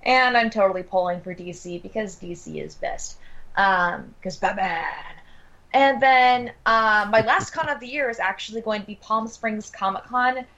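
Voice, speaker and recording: A woman's voice: mid-range voice, normal speed, fairly bright tone. Female podcast co-host, gushing and enthusiastic, mid-range voice over a dull remote line. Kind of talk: casual podcast chat.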